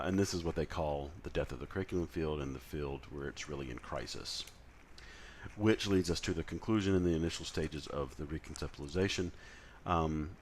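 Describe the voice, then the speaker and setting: Deep-voiced guy teaching a class, lots of ums and restarts, slight hiss behind. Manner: conversational, with frequent fillers and self-corrections. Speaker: lecturer. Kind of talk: recorded lecture.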